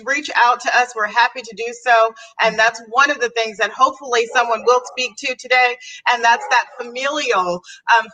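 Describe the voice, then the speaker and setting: A woman's voice: fairly high pitch, pushed and bright, rough recording. A woman guest from a sorority chapter speaking earnestly and graciously on a video-call podcast. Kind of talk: casual live broadcast chat.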